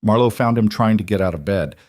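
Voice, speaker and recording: Low-voiced male story narrator. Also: a little fast, a little mellow, no room sound, clean studio sound.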